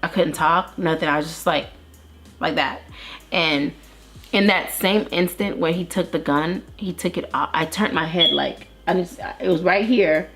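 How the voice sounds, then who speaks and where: Low gravelly-voiced woman sharing her story. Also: measured pace, fairly bright tone. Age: 30s. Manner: earnest, pours out a story with many restarts. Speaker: interview guest. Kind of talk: candid personal testimony.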